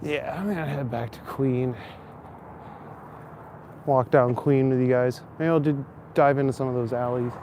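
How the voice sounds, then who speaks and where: A man's voice: medium pitch, steady tone, moderate pace, pauses often, dull audio. A man in his thirties talks to his stream while he walks outdoors through city streets. His talk is loose and casual, with swearing and frequent laughs. Faint traffic noise hums behind him. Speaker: livestreamer. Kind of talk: casual walking livestream chat.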